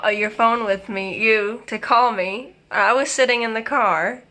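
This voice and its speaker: A young woman chiming in on her grandfather's vlog, giggly and quick to add corrections. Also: fairly high pitch, pushed and bright. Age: young adult. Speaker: granddaughter of the host. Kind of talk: casual chat.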